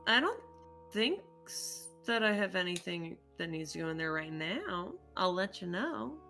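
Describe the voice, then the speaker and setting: Soft-spoken woman player, short replies. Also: on the low side, big pitch swings, measured pace, faint music behind. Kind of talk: casual tabletop play.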